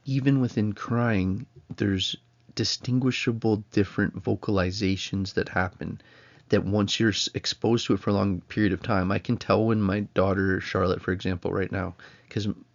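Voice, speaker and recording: A man's voice: lowish voice, fairly even intonation, moderate pace, vocal fry, dull audio. A man, giving a casual recorded college lecture at home in a rambling, self-interrupting way. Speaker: college instructor.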